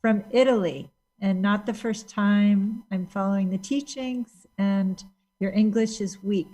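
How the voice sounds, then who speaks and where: A woman's voice: mid-range voice, fairly even intonation, a little slow, mellow. A woman moderating a casual group video call, greeting and calling on each participant by name in a friendly way. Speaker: discussion moderator.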